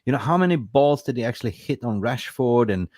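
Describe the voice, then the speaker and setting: An excitable male host in a casual football chat, blunt and quick to swear. His voice sits at a middle pitch and sounds dry and close, with little room sound. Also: no echo. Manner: excitable, swears freely, tag questions like "right?". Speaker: podcast host.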